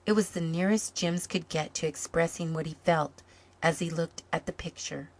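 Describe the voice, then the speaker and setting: A woman reading a story aloud in calm, measured scripted narration. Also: low-pitched. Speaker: story reader.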